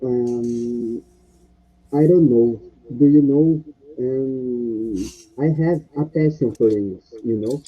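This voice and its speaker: A man's voice: medium pitch, slow pace, warm tone. A young Brazilian man with a Brazilian Portuguese accent, a native Portuguese speaker, talking hesitantly in an online English lesson over a video call. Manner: hesitant, searching for words. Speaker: English learner. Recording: tinny phone-like call audio.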